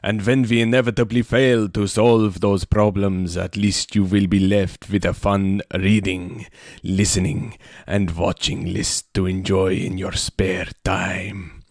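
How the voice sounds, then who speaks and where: Hammy vampire count host, a man doing the voice, slow drawl, dry close mic. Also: sits low, flat delivery, vocal fry, no room sound, full character voice. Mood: hammy spooky. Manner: slow, drawn-out theatrical accent. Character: male vampire count hosting, hammy and ghoulish.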